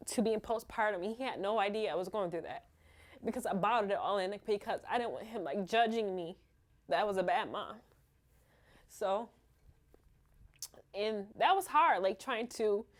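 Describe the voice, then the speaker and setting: A woman, a mother, candidly telling her own story in a halting, open way full of fillers. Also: mid-range voice. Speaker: mother sharing her experience.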